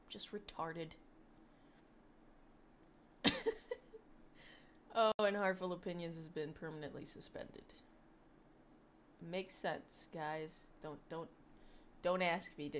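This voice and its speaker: A woman's voice: low-pitched, steady tone, slow pace, long pauses, a little hiss or hum. A woman giving casual commentary on posts she reads, sarcastic and mocking, with frequent laughter. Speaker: online commentator.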